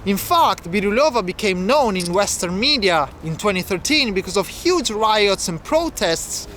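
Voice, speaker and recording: A man's voice: high voice, big pitch swings, moderate pace, a bit bright, slight background noise. A man walking city streets as a travel vlogger, chatting and explaining local facts to the camera. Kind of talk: walking travel vlog narration.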